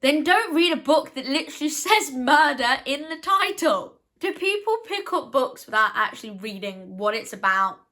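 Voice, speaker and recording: A young woman talks casually to her camera. Her voice sits a little high. She is chatty and self-deprecating and keeps slipping in quick, defensive asides. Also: lively intonation, bright, forceful tone. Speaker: book vlogger.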